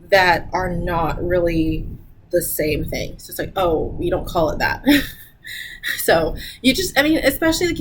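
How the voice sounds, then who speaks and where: A woman talking casually to camera with travel advice. She is chatty, laughs often and jumps up in pitch when she mimics people. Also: slight background noise, poor audio. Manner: chatty, laughs often, repeats "I'm gonna tell you right now".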